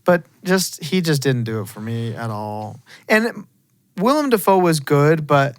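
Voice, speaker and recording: A young man co-hosting a casual podcast, his voice sitting a touch high. He talks bluntly and emphatically, piling on strong opinions. The room is dry and close. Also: big pitch swings, a little slow, no room sound. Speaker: podcast co-host. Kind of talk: casual movie review chat.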